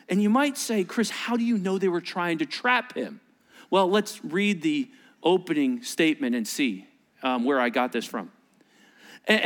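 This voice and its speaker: A male pastor delivering a sermon, animated and joking, acting out little voices and sarcastic asides. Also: sits high.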